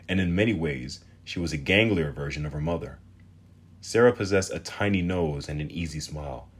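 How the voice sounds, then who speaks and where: A man narrating an audiobook in a measured, expressive storytelling manner. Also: very deep voice, slightly rough. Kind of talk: scripted narration.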